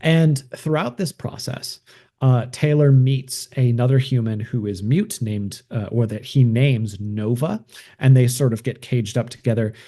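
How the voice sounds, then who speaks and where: In a mellow mid-range voice, a little on the slow side, a male podcast host rambles through a casual movie recap. He leans heavily on fillers as he retells the plot.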